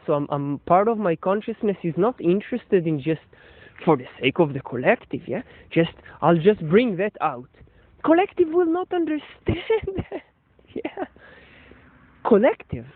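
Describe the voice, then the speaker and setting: Man, high voice, rambling reflective monologue, lots of fillers and restarts, phone-like tinny sound. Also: no echo. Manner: meandering, many fillers and restarts. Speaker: shop owner and storyteller.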